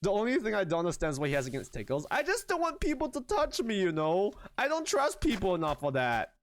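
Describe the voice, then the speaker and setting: A man live-streaming a game, chatting casually with his viewers in an excitable, animated way and swearing freely. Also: sits high, fast, dry recording.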